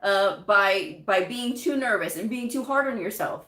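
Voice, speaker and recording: A woman's voice: mid-range voice, lively intonation, normal speed, fairly bright tone. Chatty woman giving advice, echoey room. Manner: chatty, laughs often, many fillers and restarts. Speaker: medical coding vlogger giving job advice. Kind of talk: casual advice monologue.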